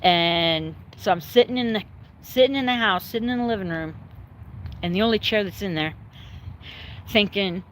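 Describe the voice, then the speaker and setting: A woman chatting casually to her viewers from home, rambling and candid, swearing freely, emotional yet calm. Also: medium pitch, moderate pace, long pauses, slight background noise. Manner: emotional but calm, choked up at times. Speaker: livestreaming vlogger. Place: at home, dogs in the yard nearby.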